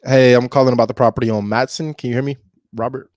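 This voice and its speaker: A man working as a real estate wholesaler, chatting casually to his viewers between cold calls and talking fast with deliberate pauses. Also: medium pitch, steady tone, a little mellow, no room sound. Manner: fast talker who makes a point of pausing on calls. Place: at home with his dog nearby.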